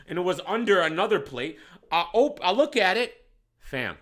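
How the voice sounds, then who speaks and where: A young man who runs a bar, telling a profane story that swings from low mutters to loud outbursts. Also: sing-song, a little fast. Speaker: bar manager.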